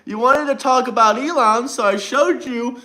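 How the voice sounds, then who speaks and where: This livestream host teases his viewers in a mocking, taunting way while chatting casually. He speaks a little fast, and his voice is extremely high-pitched, bright and forceful.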